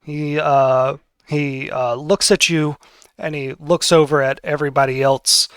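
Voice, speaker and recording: A man's voice: on the high side, level tone, measured pace, a bit bright, clean tone, no echo, studio quality. A man narrating as game master, easygoing and conversational.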